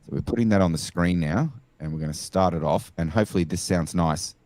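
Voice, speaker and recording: A man's voice: deep voice, fast talker, darkish tone, dry recording. A man hosting a live call-in show, joking crudely, swearing freely and singing along to a song. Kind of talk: casual live-stream banter and karaoke singing.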